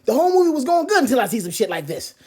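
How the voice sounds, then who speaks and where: A woman comedian doing a loud, profane comedic rant, full of animated asides and quick impressions. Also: high voice, loud music behind the voice. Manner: animated, profane, jumps into mimicry. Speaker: comedian vlogger.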